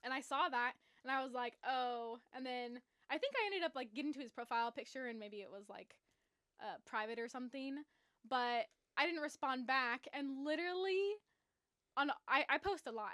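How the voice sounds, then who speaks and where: A woman's voice: high voice, brisk, a bit bright, no echo, clean studio sound. A young woman co-hosting a podcast, chatting casually with lots of fillers. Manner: rambling with many fillers like "like" and "literally". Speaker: podcast co-host. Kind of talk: casual chat.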